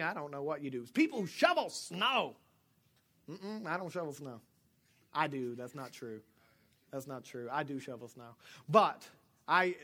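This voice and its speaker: With a high-sitting voice, a middle-aged man preaches as pastor, cracking jokes with the congregation. He alternates between hushed asides and loud shouting.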